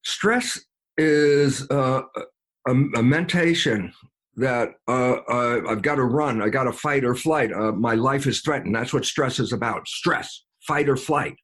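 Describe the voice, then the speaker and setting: Husky guy on an interview, super animated, acts out little back and forths with himself, lots of uhs. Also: medium pitch, measured pace. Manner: chuckles mid-sentence, many fillers. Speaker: interview guest. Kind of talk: explanatory interview talk.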